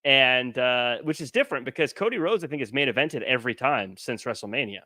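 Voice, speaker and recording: A man's voice: mid-range voice, animated, brisk, bright, forceful tone, no echo, clean studio sound. A man co-hosting a wrestling podcast, chatting casually and laughing easily. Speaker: podcast co-host. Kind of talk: casual chat.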